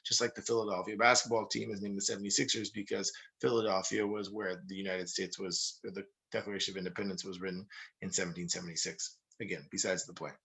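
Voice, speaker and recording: A young man teaching a history lesson in a casual, jokey way, full of asides and quick analogies. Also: deep voice, level tone, vocal fry, fairly bright tone, poor audio. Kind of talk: casual recorded history lecture.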